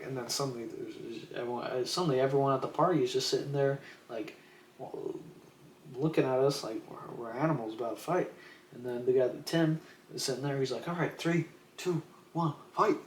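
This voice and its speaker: Speaking quickly in a medium pitch, a young streamer rambles casually through a story and curses without holding back. He plays out what others said in character, and faint ambient noise drifts through his echoey room.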